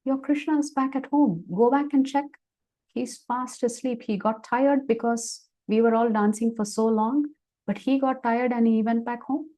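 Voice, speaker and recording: Woman voicing Radharani, calm and reassuring. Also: fairly high pitch, normal speed, voice pushed up, natural voice, poor audio. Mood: soothing. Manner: soothing, reassuring.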